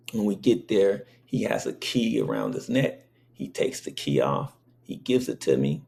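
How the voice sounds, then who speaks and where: A man's voice: rumbling low, gravelly, mellow. A man casually telling a personal story in a rambling way, often checking in with the listener. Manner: rambling, frequently checks in with "okay?".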